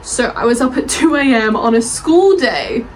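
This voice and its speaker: A woman's voice: fairly high pitch, lively intonation, moderate pace, a little hiss or hum, rough recording. A young woman chatting in a rambling, gushing way about her favorite books, swearing casually and laughing as she goes. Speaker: book reviewer and author. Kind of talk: casual bookish vlog chat.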